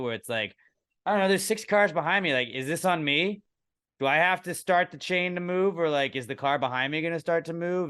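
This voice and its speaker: A male podcast co-host talks in loose, casual chat. He rambles and leans on filler words as he goes. His voice is smooth and resonant, at an ordinary pitch. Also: a bit bright.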